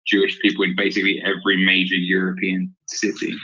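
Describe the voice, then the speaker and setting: A man's voice: deep voice, completely flat delivery, fast, pushed and bright, breathy edge, dull audio. A man with a posh English accent asking pointed, combative questions in a debate. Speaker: debate caller.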